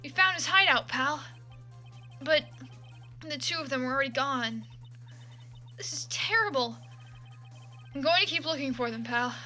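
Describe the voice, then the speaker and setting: A woman's voice: high-pitched, animated, unhurried, pauses often, bright, forceful tone, soft background music, voice pushed down, heavily acted. A woman reading out the lines of a loyal, worried male police detective, in a subdued, apologetic way. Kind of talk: reading game dialogue aloud.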